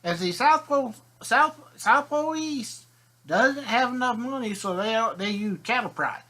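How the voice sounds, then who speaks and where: A man's voice: very high voice, lively intonation, unhurried, bright, forceful tone. A man telling a rambling, folksy comic story as a video host.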